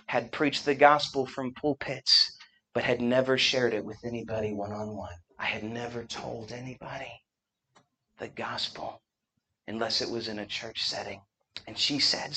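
A man preaching a revival sermon, swinging from shouted fervor to hushed storytelling. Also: mid-range voice, steady tone, a little slow, poor audio. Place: church gathering room.

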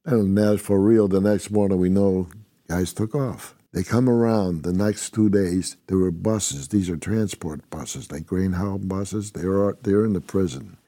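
A man's voice: low voice, a little slow, mellow, dry recording. An older man from upstate New York, a former prison inmate telling his story in a blunt, rambling, constantly swearing way. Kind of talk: casual profane storytelling.

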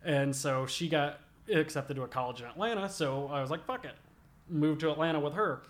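A man's voice: on the high side, brisk. A young man, a body piercer, telling stories casually in an interview, swearing a lot and filling with "like". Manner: profane, rambling, many "like" fillers.

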